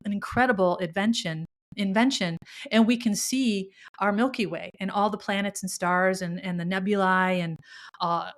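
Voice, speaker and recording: A middle-aged woman hosting a spiritual podcast, talking earnestly and emotionally with frequent restarts. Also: medium pitch. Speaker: podcast host. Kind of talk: spiritual monologue.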